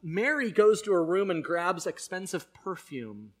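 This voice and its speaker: A man's voice: high voice, big pitch swings, measured pace. A man preaching a conversational sermon, telling the story casually with frequent fillers. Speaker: pastor.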